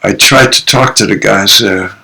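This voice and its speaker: Gravelly, bright-voiced male storyteller. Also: lowish voice, moderate pace, rough recording. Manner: animated storyteller who acts out quotes. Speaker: guest, psychologist and author. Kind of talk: storytelling interview.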